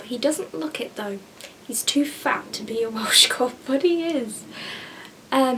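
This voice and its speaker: A woman's voice: high-pitched, far from the mic, a little hiss or hum. Chatty English teenage girl ranting. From England. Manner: chatty, ranting, exaggerated mimicry of others. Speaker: vlogger answering viewer questions. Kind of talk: casual chat.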